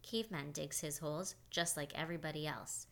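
A woman's voice: low voice, fairly even intonation, a little fast, gravelly. A woman reading an audiobook, voicing a stern woman camp warden who speaks with dry, clipped sarcasm. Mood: dryly stern. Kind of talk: audiobook character voice.

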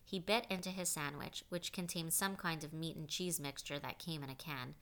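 A woman narrating an audiobook in a steady, clear storytelling manner. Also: low-pitched, moderate pace.

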